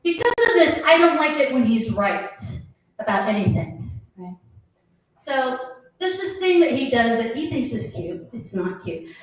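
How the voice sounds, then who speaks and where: A middle-aged woman performing a stand-up comedy set, animated, dropping lower to mimic her husband. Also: measured pace. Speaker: stand-up comic. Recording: roomy echoing venue, mic heard from a distance.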